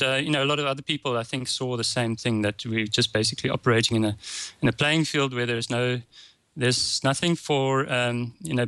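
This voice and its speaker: South African man, halting and dry. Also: mid-range voice, a bit bright, no room sound. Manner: hesitant, many fillers and restarts. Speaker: guest, open source developer. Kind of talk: podcast interview answers.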